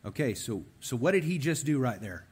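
A young man preaching a conversational sermon, animated and speaking directly to the men listening. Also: medium pitch, a little fast, breathy edge. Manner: animated, talks straight to the men in the room.

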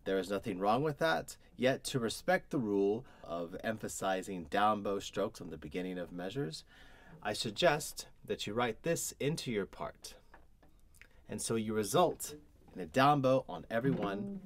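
A man teaching a cello lesson, explaining bowing patterns step by step and pausing to demonstrate. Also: on the low side, very animated, soft background music. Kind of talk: instructional explanation.

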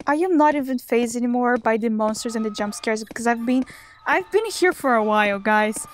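Talking to herself as she works through a spooky game, this gamer reacts jumpily to each door and sound in her let's play commentary. Her voice is on the high side and fairly quick, and she keeps up a chatty stream of remarks.

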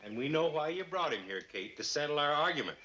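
Stubborn country train engineer. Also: male voice, on the high side, sing-song, quick pace, bright, forceful tone, a little hiss or hum. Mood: gruff. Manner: rough, blunt country talk. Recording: dull old TV soundtrack.

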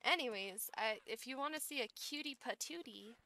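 A young woman streams a survival game, chatting playfully with viewers and talking to herself while she plays. Her voice is fairly high and sharp, at a moderate pace.

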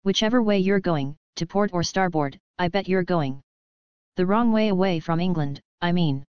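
A woman's voice: fairly low pitch, moderate pace, clean tone, dry recording, lo-fi sound, close to an everyday voice. A woman reading the part of an eager, curious young boy who questions his father in a storybook reading. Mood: questioning.

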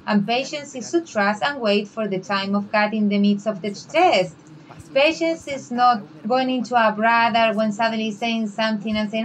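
A woman's voice: a little high, normal speed, poor audio. A woman co-pastor whose first language is Spanish, preaching a sermon in an earnest way and acting out other people's questions. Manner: earnest preaching, acts out skeptics' questions in a raised voice.

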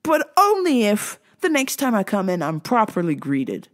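A man's voice: sits high, huge pitch swings, normal speed, a bit bright, full character voice. A woman putting on the voice of a stiff, self-important male chocolate seller who speaks in formal phrases. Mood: haughty.

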